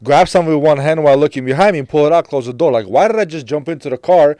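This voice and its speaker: A man hosting a podcast in casual conversation, talking earnestly, repeating himself and trailing off quietly. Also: fairly high pitch, very fast, no echo. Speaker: podcast host.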